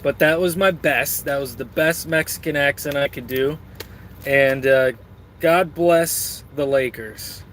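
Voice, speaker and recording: Streamer type, man, rambling and crude, joking with chat, a bit high-pitched. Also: a little slow, a bit bright, a little hiss or hum.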